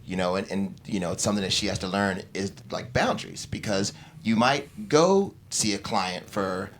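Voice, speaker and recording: A man who is a guest on a panel, speaking in a thoughtful, measured way with many fillers. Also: lowish voice, a little hiss or hum. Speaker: real estate agent guest. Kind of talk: casual panel chat.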